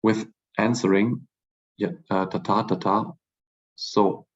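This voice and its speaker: A low-voiced, husky man lectures through a word list, saying each term twice before he glosses it. The sound is muffled and lo-fi. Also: steady tone. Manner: repeats each word slowly, then glosses it. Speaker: language teacher. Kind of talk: lecture reading vocabulary aloud.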